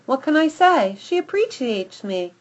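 A woman voicing a boastful, excitable young male dog in a storybook reading. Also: sits high, unhurried, dull audio, pitched above the performer's own voice.

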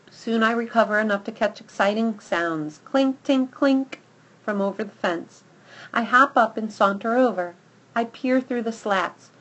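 A woman giving lively, expressive first-person narration of a children's story. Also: mid-range voice, lo-fi sound. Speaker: audiobook narrator.

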